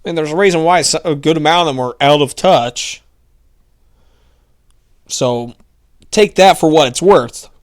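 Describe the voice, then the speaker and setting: A man's voice: a little high, measured pace, long pauses. Young male host, casual political rant, sarcastic, mocking, loose and rambling.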